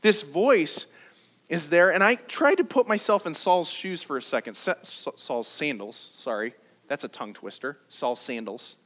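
Animated, high-voiced man preaching. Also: moderate pace. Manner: lively, conversational preaching with jokes and rhetorical questions. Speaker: pastor. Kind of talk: sermon. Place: church service.

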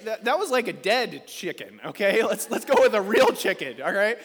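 Man, pastor, sermon, slightly high voice, playful, conversational, questions the congregation, long church reverb. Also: animated, brisk, a bit bright.

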